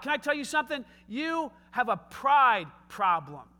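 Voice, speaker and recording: A man preaching a sermon, swinging between loud emphatic lines and hushed low asides, often asking the congregation direct questions. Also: big pitch swings, moderate pace. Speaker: pastor.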